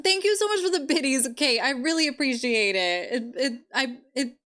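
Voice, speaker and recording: A high, lively woman's voice, bright and forceful, giggling her way through a relaxed home stream. She thanks her chat and dissolves into laughter again and again, pausing between thoughts at an unhurried pace. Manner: giggly, bubbly, laughs often. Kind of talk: casual live-stream chat.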